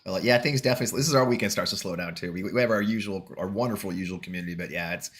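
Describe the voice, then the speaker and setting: A man's voice: low-pitched, rapid-fire, slightly rough. A man hosting a casual political talk show, chatty and rambling, who laughs at his own jokes and then urges viewers to act. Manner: earnest, rallying appeal to viewers.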